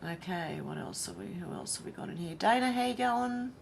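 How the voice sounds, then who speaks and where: A woman's voice: a little high, lively intonation, brisk, vocal fry, noisy background. An Australian woman hosting a casual livestream, chatting and reading viewer comments aloud one by one. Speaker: livestream host.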